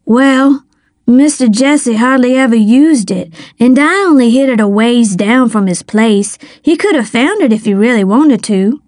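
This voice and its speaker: A timid young boy who stammers and pleads, his voice pitched up and anxious, as a woman reader plays him. He talks slowly, read close and dry as in a storybook. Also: a little mellow, dry recording, close to an everyday voice. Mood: nervous.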